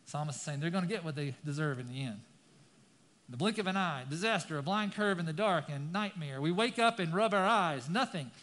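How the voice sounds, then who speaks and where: A man's voice: on the high side, expressive, brisk. A man preaching a sermon, reading scripture dramatically and turning to the congregation with casual asides. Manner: dramatic scripture reading, rising loud on key lines. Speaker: pastor.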